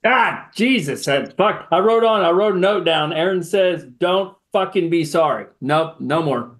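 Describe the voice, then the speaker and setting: High-voiced flustered man. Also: animated, a little slow, fairly bright tone. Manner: flustered, joking, swearing. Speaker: agent in a coaching session.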